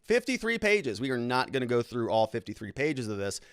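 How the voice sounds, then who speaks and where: A man's voice: medium pitch, very animated, a little fast, smooth, dry recording, studio quality. A man hosting a casual legal commentary show, chatty and amused, talking straight to his viewers. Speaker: lawyer and show host.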